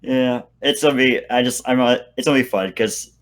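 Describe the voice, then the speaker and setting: A man's voice: mid-range voice, brisk. A male-sounding voice student chatting casually with his teacher over a voice call, rambling and laughing often. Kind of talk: casual lesson chat.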